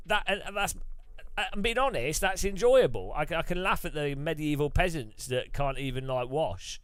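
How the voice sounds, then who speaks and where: A man rants his way through a casual live stream, his voice bouncing high and low as he mocks people in silly put-on voices. The sound is smooth and dry, recorded close, with faint music playing underneath. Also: normal speed, dry recording. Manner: animated, ranting, swears, mimics voices for effect. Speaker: streamer host.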